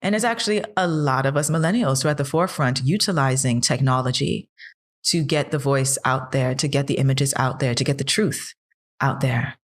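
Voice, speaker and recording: A woman's voice: extremely low pitch, brisk. A woman in her thirties talking casually as a podcast co-host, earnest and questioning, building up as she makes her point. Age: 30s. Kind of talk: casual chat.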